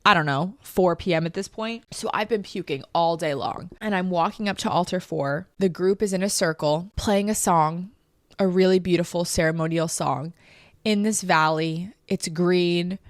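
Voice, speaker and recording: A woman's voice: fairly low pitch, no room sound, studio quality. A woman hosting a podcast, telling a personal story in an emotional, reflective way with lots of "like". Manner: emotional, reflective, heavy use of "like". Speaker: podcast host.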